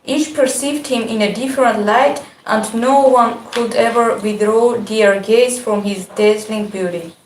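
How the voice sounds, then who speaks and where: A woman reading a translated scripture verse aloud in a steady, deliberate way. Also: on the high side, a little hiss or hum. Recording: echoey room, distant mic.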